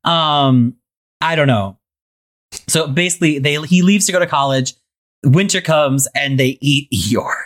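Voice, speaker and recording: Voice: mid-range voice, a little slow. A podcast co-host in casual chat, rambling along with lots of fillers like "like" and "um".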